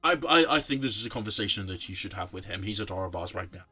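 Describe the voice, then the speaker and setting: A man's voice: on the low side, animated, fast talker, pushed and bright, slightly rough, soft background music, full character voice. A man voicing a secretive guild leader in a tabletop game, stumbling over his words. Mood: stern.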